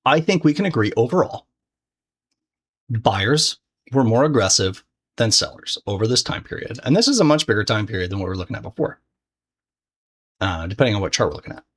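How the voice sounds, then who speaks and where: A man with a lowish voice teaching a recorded course lesson. He speaks straight to the viewer in a loose, chatty style, swearing freely and circling back on his sentences as he explains. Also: big pitch swings, brisk, long pauses, fairly bright tone. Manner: casual, profane, conversational with frequent restarts. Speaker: trading course instructor.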